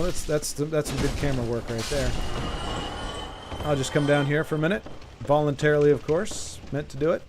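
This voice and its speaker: Male streamer, slightly higher-pitched voice, loose and jokey, rambling to chat mid-game. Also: noisy background. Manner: joking, rambling, talks to chat. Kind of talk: casual gameplay commentary.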